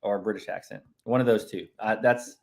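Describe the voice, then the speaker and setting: A man co-hosting a family live stream, talking loudly and excitedly in casual chat, from the United States. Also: fairly low pitch, fairly quick, vocal fry. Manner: loud, excitable, lively delivery.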